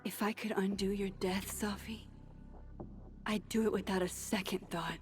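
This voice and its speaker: An actress voicing a grieving young woman in a video game, speaking in a soft, subdued inner monologue. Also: medium pitch, fairly even intonation, normal speed, close to an everyday voice. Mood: regretful. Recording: game audio with music underneath.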